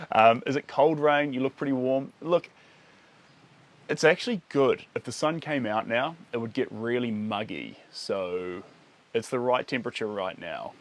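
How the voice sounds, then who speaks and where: A man's voice: mid-range voice, lively intonation, a little slow. A man chatting casually with his viewers during a live art stream, rambling and playful, often chuckling. He is recording outdoors under a shelter by a lake.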